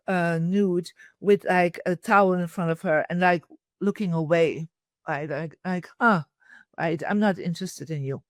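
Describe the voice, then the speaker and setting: A woman guest in a podcast interview, telling lively stories and acting out quoted dialogue. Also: lowish voice, dry recording, clean studio sound. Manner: animated storyteller, quotes dialogue. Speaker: podcast guest, feng shui teacher. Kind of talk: casual interview storytelling.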